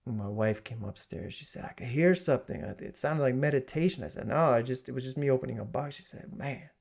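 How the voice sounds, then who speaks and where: A man telling a comic story as a rant from his home basement, swinging from loud exclamations to hushed asides. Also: medium pitch, brisk, gravelly. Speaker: comedic ranter. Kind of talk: comedic rant.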